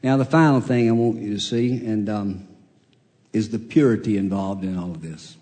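A man preaching a storytelling sermon, folksy and animated, acting out the characters in his story. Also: normal speed. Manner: folksy, animated, acts out characters with big pitch jumps. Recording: long reverb of a large hall.

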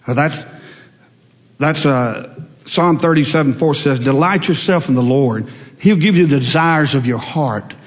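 Pastor preaching in a reverberant sanctuary. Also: male voice, fairly high pitch, measured pace. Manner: folksy storytelling, conversational, rising emphatic peaks. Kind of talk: sermon. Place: church sanctuary. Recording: long hall reverb.

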